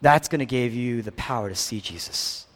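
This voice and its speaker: Speaking at a normal pace in a mid-range voice, a man gives a sermon as pastor. He rises to loud, insistent climaxes and sinks to near-whispers, repeatedly directing questions at the congregation.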